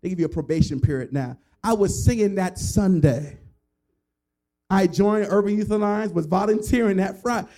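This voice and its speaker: A man in his thirties preaching a sermon, telling his own testimony in a lively storytelling way with acted-out voices. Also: sits high, moderate pace. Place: church sanctuary.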